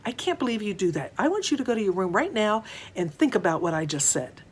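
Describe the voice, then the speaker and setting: A woman's voice: mid-range voice, big pitch swings, fast, husky, voice pushed up. A woman voicing a frightened, angry mother who is sharply scolding her young son.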